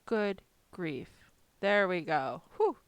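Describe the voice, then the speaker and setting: A woman chatting casually on a live stream while designing stickers, self-deprecating and talking to her software as she works. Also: lowish voice, lively intonation, slow, clear, resonant tone, no echo.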